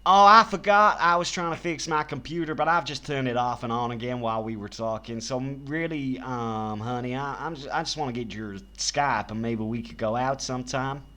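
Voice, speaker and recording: Man, bright forceful voice, prank call, crude teasing innuendo, stammering. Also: mid-range voice, brisk, hardly any pauses. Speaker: scam baiter.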